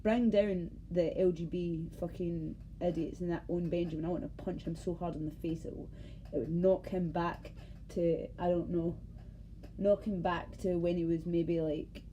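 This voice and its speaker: A Scottish woman vlogs a casual, heated rant to camera, wandering off topic, swearing and halting mid-thought. Her voice is low-leaning and dark, with slight noise in the background.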